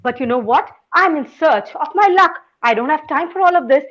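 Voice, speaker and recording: A woman voicing Anansi, an eager, restless young male trickster spider, excited and breezy in a spoken folk tale. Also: sits high, a little fast, highs cut off, voice pushed up.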